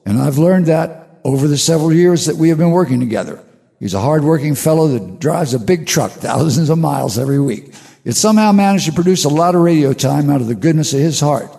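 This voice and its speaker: An older man hosting his own show, talking slowly through a reflective spiritual monologue with halting restarts. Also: mid-range voice, creaky, dark tone, in a large hall. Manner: slow, musing, with halting restarts. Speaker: radio show host.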